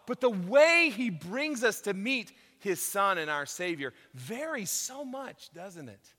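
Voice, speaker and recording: A male pastor with a high, bright, ringing voice delivers an emphatic sermon. He swings from hushed, intimate lines to loud declarations. The sound carries the long reverb of a large church hall. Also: sing-song, slow.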